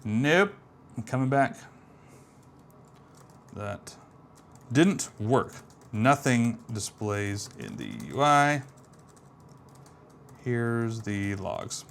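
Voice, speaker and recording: A man's voice: mid-range voice, big pitch swings, drawn-out words, creaky, pauses often, a bit bright, a little hiss or hum. A man casually thinking aloud while building an app, muttering to himself, trailing off and making self-deprecating remarks. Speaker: app developer streaming a live build.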